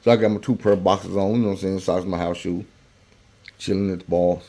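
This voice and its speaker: A man's voice: low voice, steady tone, fast talker, mellow. A man casually telling a personal story in slangy, conversational talk, acting out the people he quotes.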